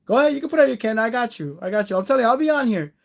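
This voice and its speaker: Male streamer, relaxed and rambling, talks straight to his chat. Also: very high-pitched, racing, vocal fry. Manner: chatty, rambling, greets viewers by name; warm-hearted, encouraging. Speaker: live streamer. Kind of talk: casual live-stream chat.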